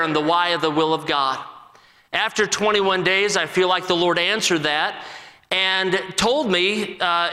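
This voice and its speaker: A man in his forties gives an earnest testimony from the pulpit, his voice bright and forceful and a little high for a man. He halts and restarts often. A long reverb from the church hall hangs behind his words. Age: 40s. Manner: earnest, halting with many restarts. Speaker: assistant pastor. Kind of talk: personal testimony sermon.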